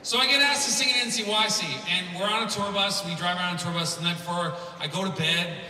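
A musician in his thirties races through a humorous, rambling conference keynote packed with fillers, his high voice bright and forceful. The mic catches him from far away in a large hall with a long, roomy echo and a little hiss or hum.

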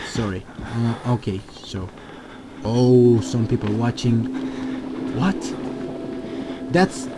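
A man hosting a let's play of a horror game, talking along excitedly, jumping at scares and swearing at them. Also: mid-range voice, background noise. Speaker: gaming channel host.

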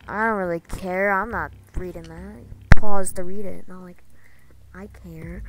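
A woman's voice: medium pitch, animated, measured pace, poor audio. A woman commenting as she plays a game, jokey and nervous, often repeating herself. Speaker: gamer. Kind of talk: let's play commentary.

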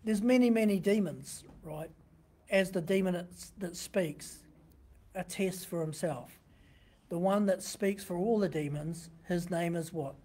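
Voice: medium pitch, unhurried, mellow. A pastor giving a sermon, teaching conversationally from a printed text and often asking the listeners rhetorical questions.

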